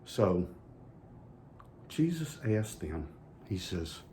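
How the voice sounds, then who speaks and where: A man's voice: sits low, sing-song, drawn-out words, dark tone, a little hiss or hum. A man giving a children's message at church in a folksy way, asking the kids playful questions. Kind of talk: children's sermon.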